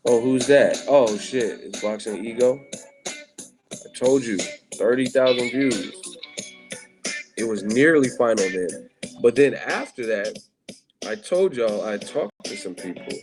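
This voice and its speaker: This boxing stream host, broadcasting from a Las Vegas hotel room over background music, has a medium-pitched, animated voice. He takes his time, leaving long pauses, as he curses and rambles through tired, relaxed chat with viewers.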